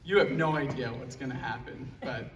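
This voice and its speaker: A man's voice: medium pitch, moderate pace. A young man giving a roast speech about his father at a live event, telling jokes and stories and laughing along with the audience. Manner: joking storytelling, laughing at his own lines. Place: large hall at a live event. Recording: echoey hall from far off, noisy.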